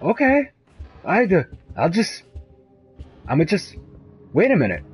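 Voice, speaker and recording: A young man commenting live on a horror game, jumpy and profane, moving between hushed muttering and high-pitched yelps. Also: huge pitch swings, a little slow, pauses often, faint music behind, poor audio. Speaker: gaming host playing a horror game.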